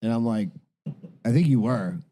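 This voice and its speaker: A man's voice: medium pitch, expressive, moderate pace, warm tone. A man from New England, co-hosting a podcast and telling a wry anecdote. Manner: wry anecdote with quoted exchanges. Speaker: podcast co-host. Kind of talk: casual chat.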